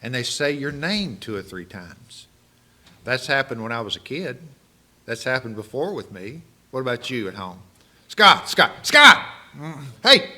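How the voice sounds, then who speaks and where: A male preacher giving a sermon, animated and full of rhetorical questions to the congregation. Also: medium pitch, normal speed.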